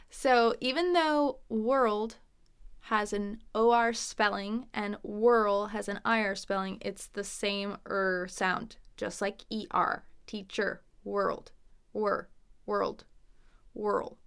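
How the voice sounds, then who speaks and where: An American woman teaching English pronunciation, repeating words slowly and carefully, with playful, chatty asides. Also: medium pitch, gravelly. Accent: General American. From United States. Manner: repeats words slowly, exaggerating mouth positions. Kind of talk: slow, deliberate pronunciation lesson.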